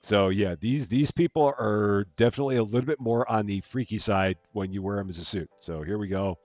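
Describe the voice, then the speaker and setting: A man's voice: lowish voice, fairly quick, a little mellow, dry recording, soft background music. A man streaming a game live, chatting through his moves and thanking viewers as he plays. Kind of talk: live gameplay commentary.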